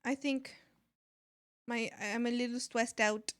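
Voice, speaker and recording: Bubbly high-voiced woman streamer. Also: steady tone, slow pace, clear, resonant tone, no echo, studio quality. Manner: bubbly, gushing, swings into squeals and whispers. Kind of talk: casual chat while drawing.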